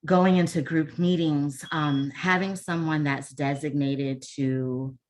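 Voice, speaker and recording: Very low-voiced woman leading a webinar. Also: fairly even intonation, slow pace, a little mellow. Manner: conversational, many ums and restarts, self-deprecating asides. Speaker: webinar presenter. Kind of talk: casual online workshop talk. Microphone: video call.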